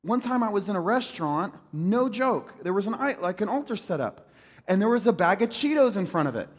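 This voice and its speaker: A man delivers a sermon in a high voice that rises and falls all over the place. He talks to the room like a friend and throws in jokes between readings. A long reverb from a large hall trails behind his words. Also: a little fast. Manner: animated, conversational preaching with jokes. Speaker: pastor.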